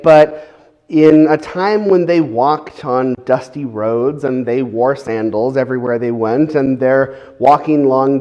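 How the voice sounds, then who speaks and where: A man's voice: medium pitch, dark tone. A man preaching a sermon who explains in a conversational way, with frequent fillers.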